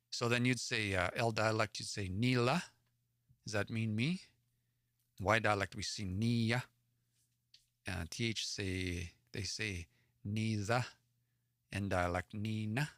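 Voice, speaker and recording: A man's voice: lowish voice, steady tone, takes it slowly, long pauses, fairly bright tone, no room sound, studio quality. A man from the Edmonton area in Alberta, hosting a livestream where he reads a story aloud, translates it word by word, and sounds out words he is unsure of. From Edmonton area, Alberta, Canada. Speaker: livestream host reading Cree stories.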